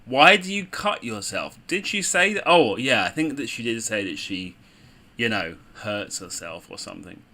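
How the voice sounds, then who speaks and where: A man's voice: on the low side, animated, normal speed, pushed and bright. A man giving casual, chatty commentary on a game with sarcastic asides. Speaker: gaming video host.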